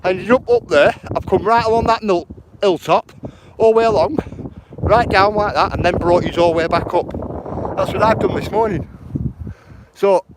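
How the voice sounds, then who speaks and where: A man's voice: high voice, a little fast. A middle-aged man, out of breath as he chats casually to live-stream viewers while hill walking, calling them bruv. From England. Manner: chatty, matey, addresses viewers as bruv. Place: outdoors on a windy hillside. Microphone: handheld camera mic. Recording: loud wind noise on the mic.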